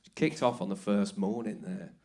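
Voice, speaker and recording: Low-voiced deadpan stand-up comedian. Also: male voice, moderate pace. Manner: dry storytelling, deadpan punchlines. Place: theatre stage.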